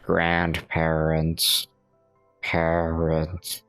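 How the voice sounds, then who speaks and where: A man with a very low, gravelly voice reads visual novel narration aloud at an even storytelling pace. Faint music plays underneath. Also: extremely slow, poor audio. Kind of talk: reading game text aloud with friends.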